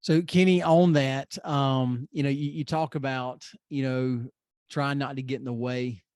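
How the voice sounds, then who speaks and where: A man's voice: medium pitch, steady tone, measured pace, a little mellow, clear, resonant tone, no room sound, clean studio sound. A man co-hosting a casual scripture discussion, talking hesitantly with many fillers. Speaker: podcast co-host.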